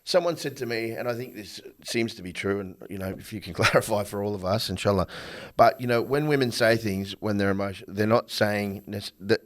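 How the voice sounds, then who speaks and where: Low-voiced man, animated podcast host. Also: a little fast, few pauses. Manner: animated, acts out quoted arguments. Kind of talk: casual conversation.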